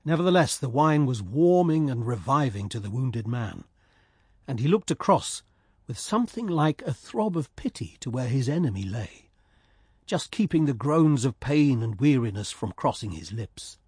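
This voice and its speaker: A man narrates a story in a steady, measured read. His voice is mid-pitched and slightly husky. The sound is dry and close. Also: dry recording. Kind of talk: scripted narration.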